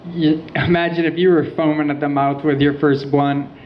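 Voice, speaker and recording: Young guy doing standup, kinda high voice, deadpan stories, muffled lo-fi live recording. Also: normal speed, a little hiss or hum. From Michigan. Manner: deadpan storytelling with quoted asides. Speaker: stand-up comedian. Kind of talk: stand-up set. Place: small venue with a live audience.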